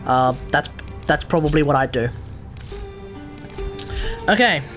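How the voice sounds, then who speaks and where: A man's voice: a little high, animated, slow pace, a bit bright, soft background music. A man with an Australian accent giving rambling, chatty commentary while live-streaming a video game, often correcting himself.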